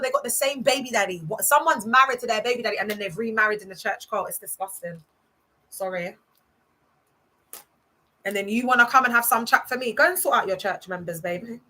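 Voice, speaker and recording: A woman's voice: a little high, pushed and bright, breathy edge, poor audio. A young woman who talks in a sassy, slangy way and often laughs, chatting casually on a livestream about cults. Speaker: vlogger discussing cults.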